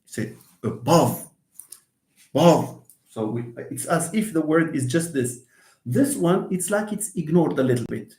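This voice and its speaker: A man's voice: fairly high pitch, lively intonation, moderate pace, darkish tone, echoey room. A middle-aged man with a Moroccan accent teaching English pronunciation in a live online lesson, often repeating words and sounding them out for students.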